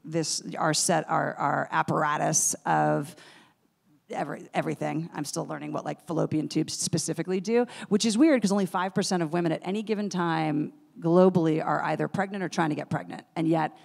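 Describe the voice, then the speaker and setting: A woman interviewer with a lowish, gravelly voice keeps things chatty and playful. Her questions echo through a hall with a long reverb, as at a live event stage. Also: steady tone, brisk. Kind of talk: onstage interview.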